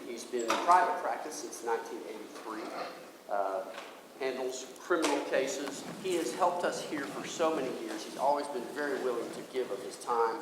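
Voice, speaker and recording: Male emcee, formal intro, roomy hall, audible room noise. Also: mid-range voice. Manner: steady, formal, a few fillers. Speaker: seminar emcee introducing a speaker. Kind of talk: reading a speaker introduction. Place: large conference hall. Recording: echoey hall with background noise.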